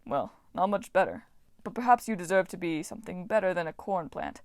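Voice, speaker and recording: A woman's voice: lowish voice, animated, brisk. A woman voicing an eccentric, self-absorbed male farming god, chatty and enthusiastic, in a storybook reading.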